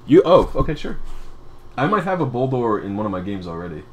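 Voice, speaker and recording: A man's voice: mid-range voice, big pitch swings, brisk, darkish tone, a little hiss or hum. A man casually telling rambling, laughing anecdotes while streaming a game. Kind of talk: casual storytelling on a live stream.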